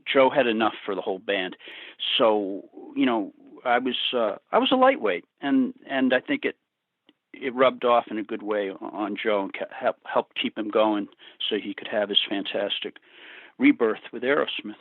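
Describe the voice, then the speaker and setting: Rambling rock singer on a thin line. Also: male voice, fairly low pitch, moderate pace, no echo, narrow, tinny audio. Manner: relaxed, rambling storyteller. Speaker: guest, rock singer and author. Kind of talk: remote interview over a call.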